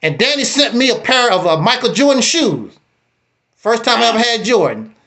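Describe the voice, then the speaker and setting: On a live stream, a man with an extremely high-pitched voice tells his own story at normal speed, animated and repeating himself. He then challenges the other speaker bluntly.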